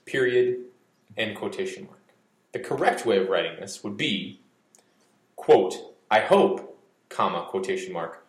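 A man with a lowish voice reads a scripted explainer as a podcast host, dry and a little mock-dramatic. The sound carries a noticeable room echo. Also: sing-song, a little slow. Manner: wry, mock-dramatic delivery. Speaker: podcast host for an editing service.

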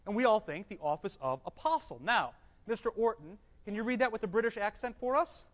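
A Bible teacher giving a class to a live group, reading scripture aloud slowly, explaining it, and quizzing the room with questions he then answers himself. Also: mid-range voice, expressive. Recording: dull, echoey hall recording.

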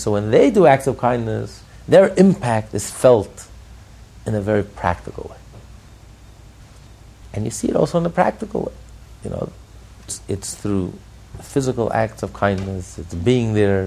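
A man's voice: fairly low pitch, vocal fry, mellow, slightly rough. A man teaching a Torah lesson as a rabbi who builds his points through repeated, emphatic phrases. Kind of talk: Torah lecture.

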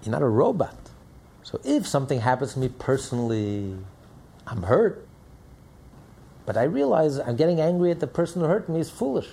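Male rabbi lecturing, emphatic, gravelly and lively in pitch. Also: normal speed, pauses often. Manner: emphatic, repeats phrases while building a point. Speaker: rabbi teaching a class. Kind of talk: Torah lecture.

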